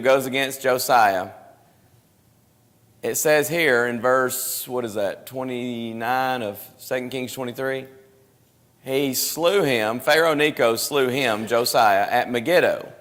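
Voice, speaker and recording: A man's voice: medium pitch, slow pace, a bit bright. A man teaching a church Bible class, explaining in a conversational way with frequent restarts. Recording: live stream with hall reverb.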